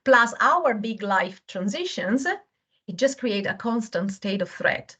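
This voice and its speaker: A woman's voice: fairly high pitch, sing-song, slow pace, pushed and bright, slightly rough. Earnest woman explaining over a call. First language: not English. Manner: earnest, explains with home examples, searches for words. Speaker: webinar guest speaker. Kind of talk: explanatory talk. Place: home. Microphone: video call.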